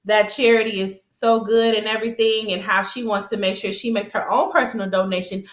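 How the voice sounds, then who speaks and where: A woman casually recapping a TV episode, chatty and rambling, with frequent laughs and animated retelling. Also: medium pitch, brisk, reverberant.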